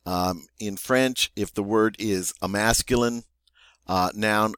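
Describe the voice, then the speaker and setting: A man with a lowish voice explains grammar patiently, pausing on fillers and checking that learners follow. The sound is dry and close, with little room to it. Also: steady tone, a bit bright, clean tone, dry recording. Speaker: French teacher.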